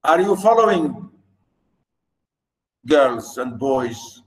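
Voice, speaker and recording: A male lecturer teaching poetry in a classroom, talking slowly and repeating himself with many fillers and restarts. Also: medium pitch, big pitch swings, rough recording.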